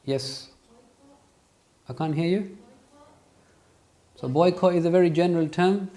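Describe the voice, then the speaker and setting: Man teaching a lively class. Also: a little high, a little slow. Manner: questions students, lively, emphatic. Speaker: religious teacher. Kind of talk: interactive classroom lesson. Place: classroom with students.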